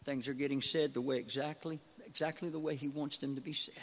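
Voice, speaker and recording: A man preaching a Pentecostal sermon from the pulpit, repeating short call-outs to the congregation and swinging between soft talk and fervent preaching. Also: on the high side, steady tone, fast, in a large hall. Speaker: pastor. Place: church sanctuary.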